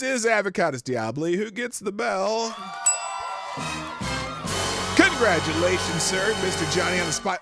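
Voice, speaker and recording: A man's voice: a little high, bright, forceful tone, no room sound. A man hosting a live news stream, chatting casually, greeting viewers by name and often trailing off mid-sentence. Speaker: livestream news show host. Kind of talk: casual livestream chat.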